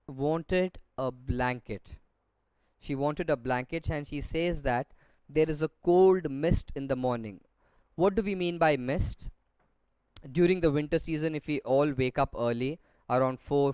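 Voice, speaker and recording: A male teacher walks his class through a textbook story and rereads any line he trips over. His voice is smooth and a little high. It sounds close and dry. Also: darkish tone, no room sound. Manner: explains step by step, rereads lines after slips. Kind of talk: reading and explaining a textbook story.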